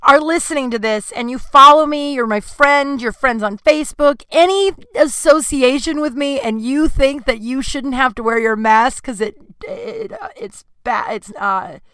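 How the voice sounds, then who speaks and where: A Californian woman hosts her own podcast in a casual solo monologue, her high voice expressive, a bit bright and smooth, at normal speed with few pauses, in a dry recording. She talks in a rambling, candid way, with many fillers and sudden bursts of exasperation.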